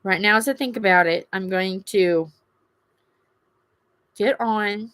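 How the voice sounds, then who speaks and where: A middle-aged woman with a Southern US accent speaks slowly in a medium-pitched, somewhat bright voice. Hosting a casual livestream, she gushes and rambles to her viewers.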